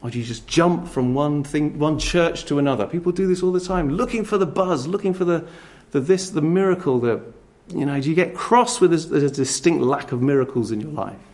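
A man preaching with a slightly high, gravelly voice. He talks to the congregation conversationally, asking rhetorical questions and slipping into playful voices. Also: a little fast, few pauses, a little mellow. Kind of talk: sermon.

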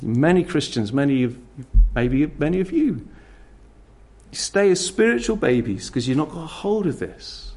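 A man's voice: on the high side, animated, moderate pace, a little mellow. A middle-aged man preaching a sermon, earnestly pressing his listeners with repeated direct questions. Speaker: pastor.

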